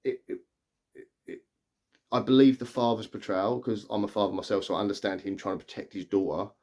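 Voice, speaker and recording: A man's voice: lowish voice, fairly even intonation, brisk, a little mellow. A middle-aged man, chattily retelling a film's plot in a casual review, often restarting his sentences. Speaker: film reviewer. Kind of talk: casual spoken movie review.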